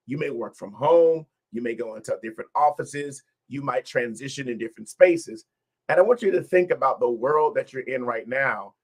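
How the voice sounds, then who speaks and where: A man hosting a livestreamed wellness session, encouraging viewers and repeating key phrases. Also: mid-range voice. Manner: encouraging, repetitive phrasing, addresses viewers directly.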